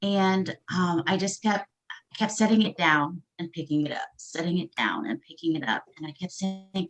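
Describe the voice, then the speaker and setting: A woman's voice: fairly low pitch, normal speed. A woman guest in a casual interview, speaking candidly and emotionally, with laughs and sighs. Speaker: interview guest, coaching client.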